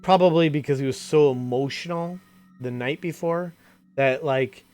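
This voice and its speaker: A man's voice: fairly high pitch, moderate pace, a little mellow, soft background music. A man narrating as game master in a tabletop game, casual and full of fillers.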